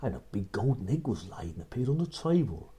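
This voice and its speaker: Husky storyteller man. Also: medium pitch, sing-song, fairly quick, dark tone. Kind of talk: children's story narration.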